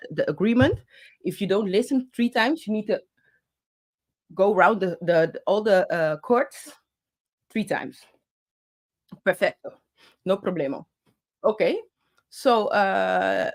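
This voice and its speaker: A woman hosting her own channel, telling a personal story with passion and speaking into a handheld microphone, with many fillers and restarts. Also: medium pitch. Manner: passionate, talks with her hands. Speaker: channel host.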